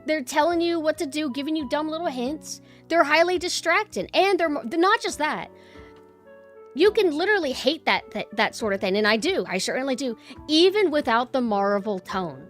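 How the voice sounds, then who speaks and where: A woman's voice: sits high, lively intonation, moderate pace, soft background music. A young woman streamer chatting casually with her viewers and ranting bluntly, swearing freely.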